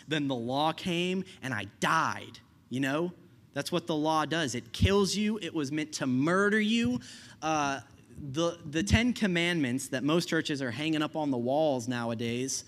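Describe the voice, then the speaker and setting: A man's voice: on the high side, a bit bright. A young man preaching a sermon in a casual, conversational way, often checking in with "right?" and laughing at his own stories.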